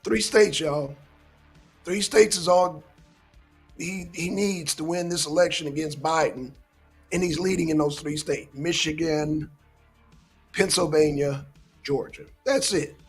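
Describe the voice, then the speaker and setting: A man's voice: on the high side, measured pace, pauses often, husky, faint music behind. A man hosting a casual political commentary show, lecturing his listeners emphatically and swearing often.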